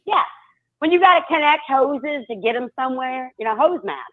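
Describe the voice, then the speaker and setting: A woman chats with a voice that sits a bit high and swoops around a lot. She sounds animated and laughs often, and her sound comes through a dull lo-fi line with a dry, close feel. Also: a little fast, dry recording. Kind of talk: casual chat.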